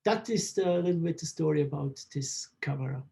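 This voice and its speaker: A man, answering interview questions in halting English and searching for words. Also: on the high side, creaky, mellow. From Switzerland. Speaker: photographer interviewee.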